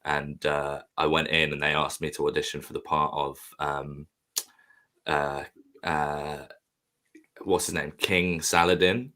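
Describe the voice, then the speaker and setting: Stream co-host, man, very deep low voice, rambling, sweary. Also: flat delivery, unhurried, pushed and bright. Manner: rambling, swearing, self-mocking. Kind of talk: casual chat, storytelling.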